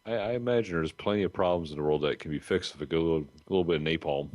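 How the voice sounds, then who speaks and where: Man, very low voice, dry close mic, jokey co-host banter. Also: very fast, darkish tone, no echo, muffled recording. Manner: dry, joking, laughs often. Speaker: podcast co-host. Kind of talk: casual banter.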